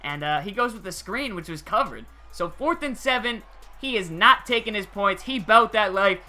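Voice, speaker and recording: A young man giving casual, excitable gameplay commentary over a football video game, using slang and chuckling often. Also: high voice, normal speed. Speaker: gaming channel host.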